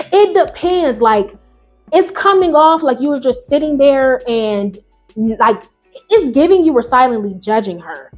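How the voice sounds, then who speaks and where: A woman hosting a video, reading online stories aloud and reacting in animated, slangy, casual talk, jumping between loud high bursts and low mutters. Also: unhurried, soft background music. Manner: animated, slangy, talks back to the story. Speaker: YouTube host.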